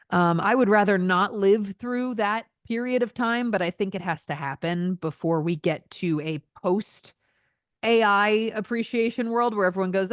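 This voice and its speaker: A woman's voice: fairly low pitch, fairly quick, no echo, clean studio sound. A woman voice actor giving a candid, earnest interview answer, with many fillers and small laughs. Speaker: voice actor guest.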